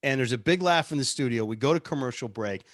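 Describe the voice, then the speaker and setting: This radio show producer and on-air personality talks in a mid-range voice at a quick pace. He tells stories casually in an interview, chatty and self-deprecating, and the studio sound is clean with no room sound.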